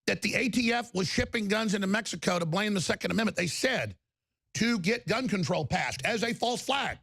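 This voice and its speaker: Gravelly ranting man, shouting tirade. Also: sits high, no echo, studio quality. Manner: angry, shouting, insulting tirade. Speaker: talk radio host. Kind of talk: ranting talk show monologue.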